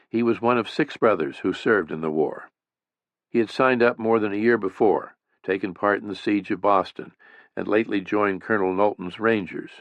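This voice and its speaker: A man narrates a history audiobook in a measured, even way, his voice sitting on the lower side. The sound is dry, with no room around it. The top end is a little muffled and dull. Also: dry recording. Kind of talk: scripted narration.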